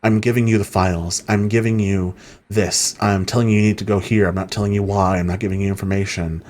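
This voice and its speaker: A man's voice: on the low side, little pitch movement, fast talker, a little mellow. A man giving let's play commentary, rambling and heartfelt with lots of fillers. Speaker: game streamer.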